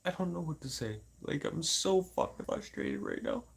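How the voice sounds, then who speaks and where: A man from Manitoba venting in a casual, unscripted talk to camera, swearing a lot and swinging from loud outbursts to low mutters. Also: very animated, moderate pace, creaky, slightly rough. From Manitoba, Canada. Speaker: vlogger.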